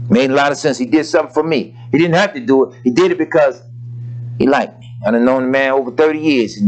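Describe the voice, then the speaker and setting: A man's voice: on the high side, fast, slight background noise, poor audio. A man preaching a sermon in an informal, conversational way, talking straight to the congregation and acting out quotes. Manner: lively preaching with loose asides and acted-out quotes; colloquial, talks to the congregation directly.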